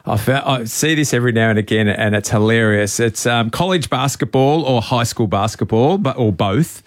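A man's voice: medium pitch, moderate pace. A man hosting breakfast radio, telling a story in a chatty way with plenty of ums and uhs. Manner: animated storytelling with frequent fillers. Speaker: radio host.

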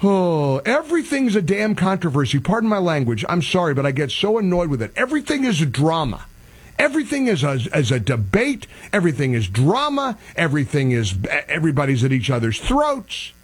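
A man hosting a radio talk show, ranting in a casual, exasperated and self-deprecating way, with a husky voice. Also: fairly high pitch, big pitch swings, a little fast. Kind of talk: casual opinionated radio monologue.

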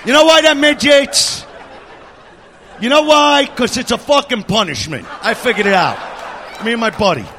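A man's voice: very high voice, lively intonation, normal speed, long pauses, pushed and bright, a faint crowd, a little hiss or hum. A man doing a crude stand-up rant in a mock-disgusted tone. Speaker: stand-up comedian.

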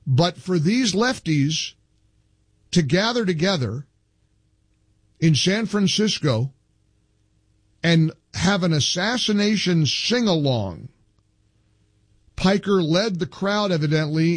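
Slow, emphatic male commentator. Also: a little high, lively intonation, no echo. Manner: emphatic, builds into indignant outbursts. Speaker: political talk show host. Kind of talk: opinion commentary, reading from articles.

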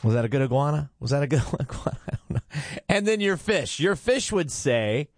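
A man's voice: fairly high pitch, big pitch swings, fairly quick, some chatter behind, slight background noise. A man hosting a morning radio show in casual, playful chat, rambling and poking fun at himself. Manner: playful, rambling, self-mocking.

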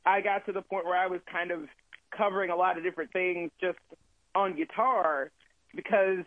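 A man's voice: high voice, steady tone, normal speed, dry recording. A man, a touring musician, chatting casually as an interview guest over the phone, rambling and friendly with lots of fillers. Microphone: phone call. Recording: tinny dry phone line.

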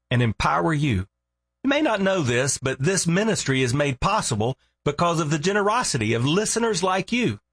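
Husky man, radio ministry pitch. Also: fairly bright tone. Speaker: lead pastor.

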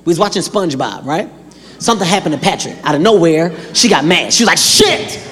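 A man telling stand-up stories on a comedy stage, animated, acting out voices and bursting into shouts. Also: a little high, quick pace. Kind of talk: stand-up storytelling. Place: comedy stage before a live audience. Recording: echoey hall with a live crowd and noise.

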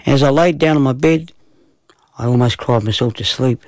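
A man narrating a children's story in a gentle, even way. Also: mid-range voice, moderate pace, no room sound.

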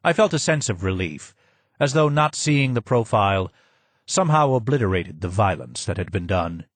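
A man reading a first-person memoir as an audiobook, in steady, measured storytelling. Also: lowish voice, no echo. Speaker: audiobook narrator. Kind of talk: scripted first-person narration.

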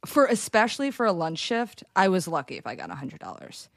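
Lady telling a story about her old job, swoops up and down a lot, kinda low voice. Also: gravelly, no room sound, studio quality. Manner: animated, halting with restarts, acts out quotes. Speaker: storyteller guest. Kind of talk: personal anecdote in an interview.

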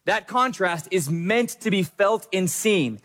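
A man's voice: high voice, animated, slow pace, a bit bright. A male pastor giving a sermon in an earnest, conversational way, with small fillers and restarts.

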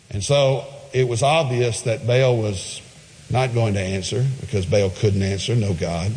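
A man preaching a sermon, retelling a Bible story with lively acted-out quotes and shifting emphasis. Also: mid-range voice, normal speed, long reverb tail. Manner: animated preaching, acts out voices in Bible quotes. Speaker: pastor.

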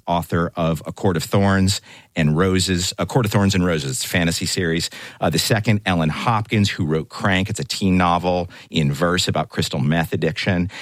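Male talk radio host, deep voice, quick jokey banter, dry studio sound. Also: no room sound. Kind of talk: hosting a news roundup.

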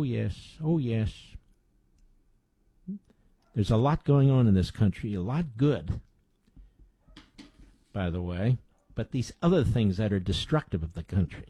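A man's voice: medium pitch, warm tone, slightly rough, no echo. Male talk radio host, indignant and emphatic, dry studio sound. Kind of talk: talk radio monologue and call-in.

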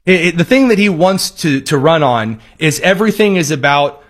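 A man's voice: lively intonation, moderate pace, a bit bright. Sarcastic man hosting a commentary show. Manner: sarcastic, mocking, with high-pitched put-on voices for parody. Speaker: political commentary host. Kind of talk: political commentary monologue.

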